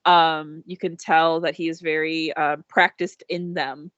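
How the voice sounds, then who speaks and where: A young woman narrating as dungeon master, giggling often and pausing with lots of ums. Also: sits low, little pitch movement, fairly bright tone, no room sound, dull audio. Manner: giggly, halting with many ums. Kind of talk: narrating a tabletop game.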